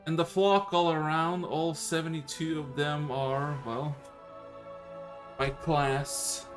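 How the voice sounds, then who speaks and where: A man's voice: fairly high pitch, flat delivery, takes it slowly, faint music behind. A man playing a composed halfling druid teacher.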